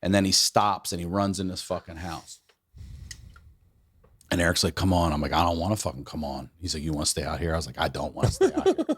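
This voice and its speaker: A man's voice: low-pitched, fast talker, breathy edge, dry recording. A man telling a long, profane story in casual chat, acting out the voices of the people in it. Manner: profane, animated, acts out quoted voices. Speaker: podcast co-host telling a story.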